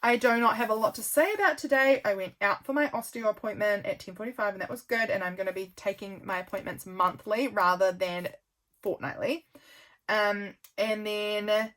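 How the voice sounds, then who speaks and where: A woman's voice: mid-range voice, normal speed, a bit bright. Chatty young New woman. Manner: rambling, chatty, frequent ums. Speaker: journaling vlogger. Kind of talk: casual chatty flip-through.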